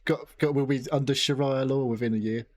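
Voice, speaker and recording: A man from England co-hosts a casual podcast with deadpan sarcasm and plenty of swearing. His voice sits at an ordinary middle pitch. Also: brisk, no room sound. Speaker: podcast co-host.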